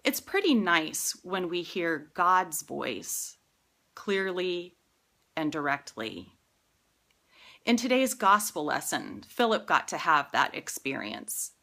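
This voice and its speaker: A woman's voice: lowish voice, big pitch swings, slow pace, creaky, few pauses, sharp tone. A woman pastor preaching a sermon in a church, telling personal stories in a conversational way. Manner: conversational storytelling with personal anecdotes.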